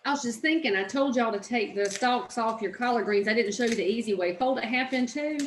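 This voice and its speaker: A woman's voice: a little high, fairly quick, echoey room, a little hiss or hum, low-quality recording. A woman with a Southern US accent, hosting a cooking channel from her home kitchen, folksy and opinionated as she chats through a recipe. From American South. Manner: chatty, folksy and opinionated, says "y'all". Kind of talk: casual cooking demonstration.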